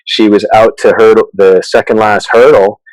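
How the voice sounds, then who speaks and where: A man, a chiropractor, telling stories in a casual interview, halting with many restarts and fillers. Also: lowish voice, fairly even intonation, a little mellow, no room sound, rough recording. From Canada. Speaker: chiropractor guest.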